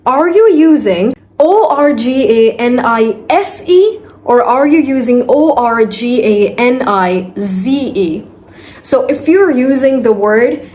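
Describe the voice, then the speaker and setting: A young woman with a slightly higher voice teaches English pronunciation in an online lesson. She spells words out letter by letter and keeps asking the viewer which form they use. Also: a little mellow.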